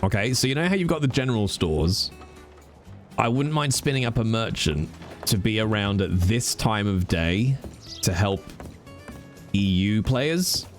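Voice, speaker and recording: A man's voice: lowish voice, animated, measured pace, long pauses. A man streaming, chatting casually in a rambling way and swearing freely. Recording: music playing behind.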